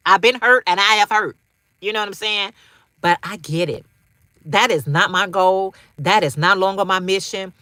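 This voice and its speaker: A woman's voice: mid-range voice, pushed and bright, dry recording, clean studio sound. A woman hosting a casual livestream, talking straight to viewers, repeating phrases for emphasis with slangy asides. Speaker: livestream host.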